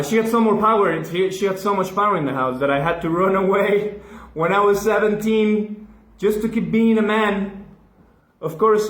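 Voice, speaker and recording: A man from Mexico with a Mexican accent doing a profane, deadpan stand-up set. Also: high-pitched, reverberant, rough recording. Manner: deadpan, profane, acts out voices. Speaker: stand-up comedian. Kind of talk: stand-up set at a virtual gig.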